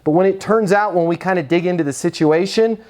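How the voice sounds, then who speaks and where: A man giving a conversational sales coaching talk and pitch, asking rhetorical questions along the way. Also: a little fast, darkish tone. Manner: conversational, asks rhetorical questions, acts out quotes.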